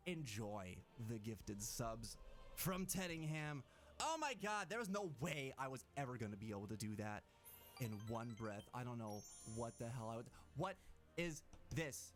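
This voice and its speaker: A man chatting on a live stream, thanking viewers and breaking into excited shouted exclamations. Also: mid-range voice, unhurried, faint music behind.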